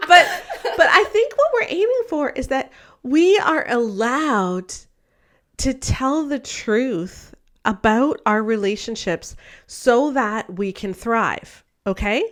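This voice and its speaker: A woman's voice: fairly high pitch, lively intonation, slow. A woman hosting a podcast, explaining her point thoughtfully, step by step, in casual conversation. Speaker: podcast host.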